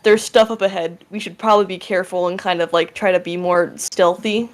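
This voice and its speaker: A woman's voice: lowish voice, fairly even intonation, fairly quick, natural voice. Give me a woman playing a cautious young adventurer who speaks hesitantly. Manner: hesitant, filler-heavy suggestion. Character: cautious adventurer, young man urging stealth.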